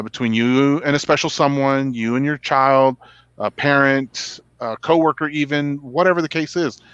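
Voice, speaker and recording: A man's voice: mid-range voice, fairly bright tone, smooth, no room sound, dull audio. Chatty laughing male show host. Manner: chatty, laughing, says y'all. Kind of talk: casual show sign-off chat.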